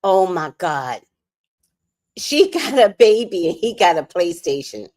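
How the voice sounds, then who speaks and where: A woman's voice: on the low side, big pitch swings, a little slow, a little mellow. A woman hosting a casual late-night livestream, talking profanely, laughing often and reading viewer comments aloud. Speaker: livestream host.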